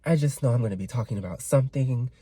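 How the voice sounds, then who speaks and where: A man's voice: medium pitch, fast, dark tone, husky, dry recording. A man in his twenties, getting over a cold, ranting candidly to camera in a casual vlog and swearing freely. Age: 20s. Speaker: vlogger.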